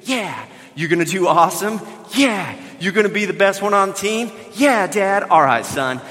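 A man in his thirties, a pastor telling a lively family story in a sermon, now and then raising his voice. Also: high-pitched, quick pace. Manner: animated storytelling with bursts of shouting. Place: church sanctuary. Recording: long reverb of a large hall.

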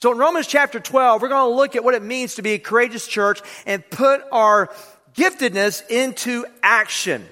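A man's voice: extremely high pitch, moderate pace, sharp tone, long reverb tail. A man preaching a sermon to his congregation, who leads them in repeating key lines aloud. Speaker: pastor. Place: church sanctuary.

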